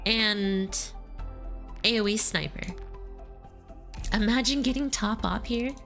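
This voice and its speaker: A woman's voice: mid-range voice, takes it slowly, creaky, fairly bright tone, soft background music. A woman streamer reading through a game story, with playful, giggly commentary. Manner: playful, giggly, reads game dialogue aloud.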